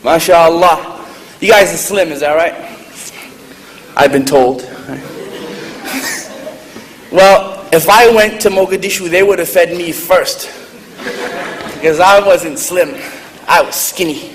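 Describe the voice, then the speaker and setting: A man telling funny stories to an audience in a lively, joking manner. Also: a little high, slow, pauses often. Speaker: speaker at a public event. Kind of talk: humorous storytelling talk. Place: large hall with audience. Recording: echoey hall, faint noise.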